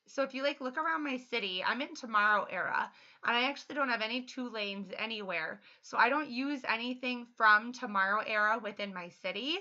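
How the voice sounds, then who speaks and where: A thirty-year-old woman chatting casually while livestreaming a game, upbeat and quick to laugh. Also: fairly high pitch, bright, forceful tone. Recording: slightly muffled lo-fi stream audio.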